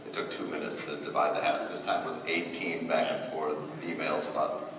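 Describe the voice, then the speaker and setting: A man with a very low voice jokes dryly about his work on a panel. He is far from the mic in a large echoing hall. Heavy noise runs under him. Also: level tone, fast. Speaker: show writer. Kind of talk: panel storytelling.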